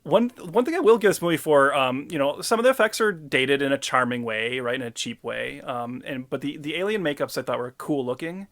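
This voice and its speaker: A man's voice: mid-range voice, animated, a little fast, hardly any pauses, a bit bright. Chatty man talking about movies. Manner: chatty, opinionated, joking. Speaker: podcast co-host. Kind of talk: casual film discussion.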